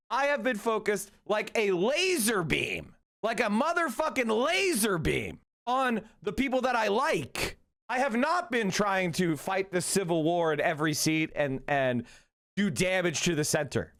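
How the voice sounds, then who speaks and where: A man streaming political commentary in a heated, profane rant, breaking into yelled insults and stumbling over his words. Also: high voice. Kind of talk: casual live-stream commentary.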